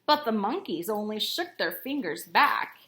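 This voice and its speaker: A woman's voice: medium pitch, very animated, a little slow, sharp tone. A woman reading a picture book aloud to children, asking them questions and having them join in. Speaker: storyteller for children.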